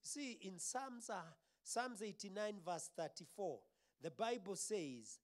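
A man with a Kenyan accent preaching a sermon as pastor, stressing words emphatically and letting phrases trail off softly. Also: high voice, animated, slow.

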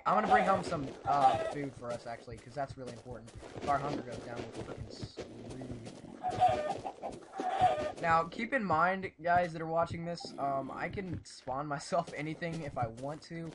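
A man hosting a casual gameplay commentary, excitable and prone to bursts of panicked yelling. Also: mid-range voice, very noisy. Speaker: gaming channel host.

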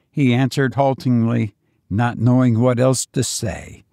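A man narrating a classic story in a measured, expressive storytelling manner. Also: medium pitch, dry recording, clean studio sound.

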